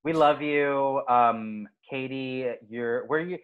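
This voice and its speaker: A man's voice: mid-range voice, slow, smooth, phone-quality sound. A male comedian co-hosting a podcast in casual chat, with a wry, teasing manner.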